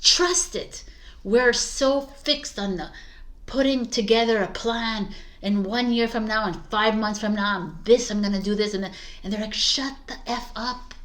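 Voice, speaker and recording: A woman's voice: medium pitch, unhurried. Woman, tarot reader, casual monologue, emphatic, laughs often.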